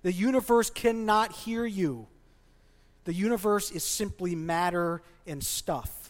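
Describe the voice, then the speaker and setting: A man's voice: sits high, a little slow. Passionate male pastor preaching in a reverberant hall. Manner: passionate, rising emphasis on key points. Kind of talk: sermon.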